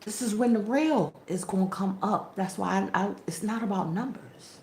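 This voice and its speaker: A woman spiritual reader in casual chat to camera, animated and slangy, with preachy asides. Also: medium pitch, moderate pace, a little hiss or hum. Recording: echoey room.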